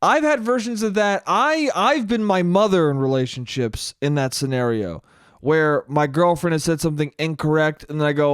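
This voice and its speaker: A man's voice: on the high side, moderate pace, clean tone, no echo, studio quality. A man hosting a solo podcast, telling comic stories and acting out quoted voices, swearing casually. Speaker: podcast host. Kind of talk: solo comedic monologue.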